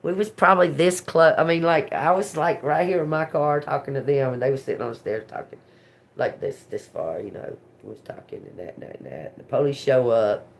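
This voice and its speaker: A woman hosting a tarot livestream, telling a story in a casual, animated way, swearing freely and laughing often. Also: low voice, a little fast, vocal fry. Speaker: tarot reader livestream host.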